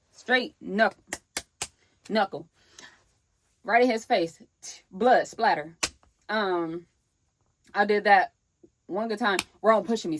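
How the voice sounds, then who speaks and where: A young woman, telling a storytime vlog in a lively way and acting out the people she quotes. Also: mid-range voice, normal speed, long pauses. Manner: animated storytelling, acts out quoted voices. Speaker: vlogger.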